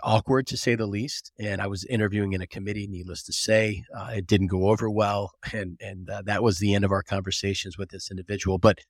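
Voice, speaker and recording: A man with a fairly low voice talks in a casual podcast interview, spinning animated stories with frequent restarts. The sound is dry and close, with no room around it. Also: brisk, hardly any pauses, no room sound. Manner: animated storyteller, lots of restarts and "you know". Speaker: guest, agribusiness recruiting consultant.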